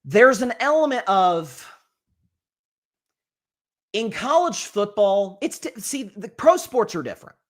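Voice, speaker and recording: A man's voice: high-pitched, big pitch swings, takes it slowly, pauses often. A man hosting a college football reaction show, talking in a rambling, conversational way with many restarts and asides. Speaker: sports show host.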